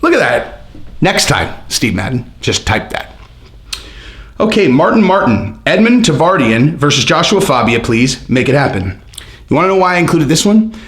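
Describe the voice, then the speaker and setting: A man with a fairly high voice and a moderate pace hosts his own channel, reading out comments and mocking them. His talk is animated, sarcastic, and rambling, packed with fillers, and the room has a noticeable echo.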